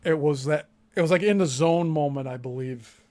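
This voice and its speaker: A man's voice: a little high, normal speed, darkish tone. A man hosting a podcast, commenting in a blunt, emphatic way with frequent profanity. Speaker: host.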